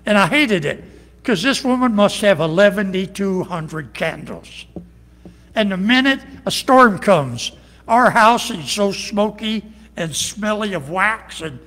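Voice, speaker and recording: A man's voice: high-pitched, a bit bright. A man preaching an evening worship sermon as pastor, with folksy, homespun storytelling and earnest emphasis, ending in prayer. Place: church sanctuary. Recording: long reverb of a large hall.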